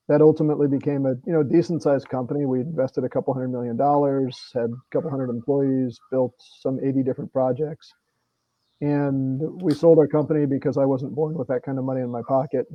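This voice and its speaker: A middle-aged congressman joins a virtual meeting as a guest, speaking earnestly and plainly in conversation while frequently restarting his sentences. His medium-pitched voice has no echo and the highs are cut off.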